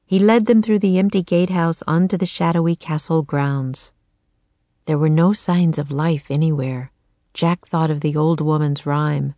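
Low-voiced woman narrating a storybook. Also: fairly even intonation, normal speed, mellow, dry recording. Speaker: audiobook narrator. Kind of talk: scripted narration.

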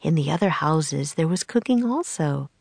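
A woman reading aloud, voicing a kind Pilgrim woman who talks softly in old-fashioned speech. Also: low-pitched, lively intonation, moderate pace, creaky, dry recording, heavily acted. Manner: soft, archaic speech with thou.

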